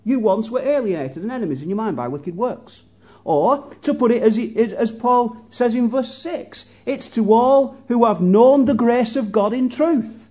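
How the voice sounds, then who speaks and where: A man's voice: extremely high pitch, expressive, normal speed, mellow. A man preaching a sermon earnestly, putting questions to the congregation and often repeating his words.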